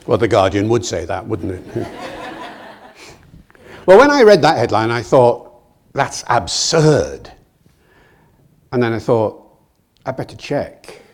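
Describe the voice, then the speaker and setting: An older man from Britain giving a public lecture in a lively, self-mocking way, telling anecdotes and chuckling at his own jokes. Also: fairly low pitch. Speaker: guest lecturer. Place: lecture hall.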